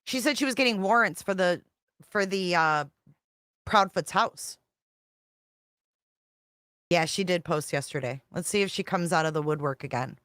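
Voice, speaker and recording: A woman's voice: fairly low pitch, normal speed, long pauses, a bit bright, no room sound, clean studio sound. A woman hosting a casual livestream, reading text messages aloud in a profane, exasperated, rambling way. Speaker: true-crime commentary host.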